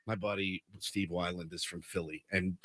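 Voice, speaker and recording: A male sports radio host in animated, excitable banter, recorded on a studio microphone. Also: sits low, normal speed, crowd noise. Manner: excitable, prone to loud bursts of laughter.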